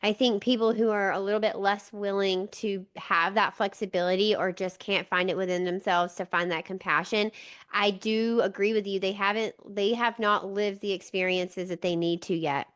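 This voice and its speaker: A woman's voice: medium pitch, steady tone, moderate pace, fairly bright tone, clean tone. A woman hosting a podcast, a doula who talks in an earnest, emphatic and affirming way. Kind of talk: conversational podcast interview.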